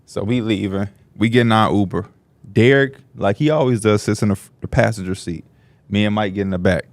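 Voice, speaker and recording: A man co-hosting a podcast, telling stories in an animated way and acting out the voices of people in them. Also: fairly low pitch, a little fast, no echo. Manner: animated, laughing, acts out voices in his stories. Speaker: podcast co-host. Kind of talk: casual storytelling among friends.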